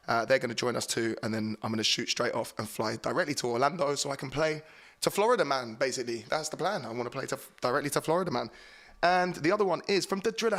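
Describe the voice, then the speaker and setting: A man hosting a DJ show, chatting in an excitable, playful way and stumbling over his words. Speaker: DJ and show host. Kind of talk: casual DJ patter between tracks. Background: faint drum and bass music.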